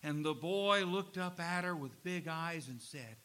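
A man preaching a sermon, earnest, slowing down to stress key lines. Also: a little high, expressive, pushed and bright, poor audio. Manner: earnest preaching, slows for emphasis. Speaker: pastor.

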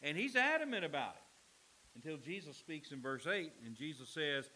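Male pastor, emphatic sermon delivery with dramatic pauses, slightly high voice, light hiss. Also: sing-song, bright, forceful tone, poor audio. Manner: emphatic preaching, dramatic pauses, acts out quoted lines.

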